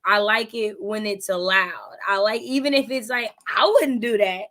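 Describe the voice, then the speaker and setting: A woman hosting a casual book discussion, animated and laughing as she acts out her own reactions. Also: mid-range voice, normal speed. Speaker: readathon host. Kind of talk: casual video-call book chat.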